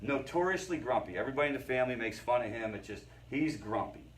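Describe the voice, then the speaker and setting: A middle-aged man lectures a recovery group at an easy, mid-range pitch, sounding a little distant from the microphone. He talks casually and keeps asking his audience whether they follow him. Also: animated, fast, a little hiss or hum. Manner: conversational, keeps checking in with the audience. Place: meeting room with a group. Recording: voice picked up from a distance.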